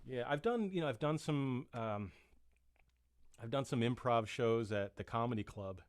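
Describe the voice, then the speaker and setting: A man in his fifties talks as a musician guest, rambling and self-deprecating, often restarting his sentences. His voice sits at an ordinary middle pitch. The recording is close and dry with no room sound. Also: lively intonation, normal speed, no room sound. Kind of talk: casual chat.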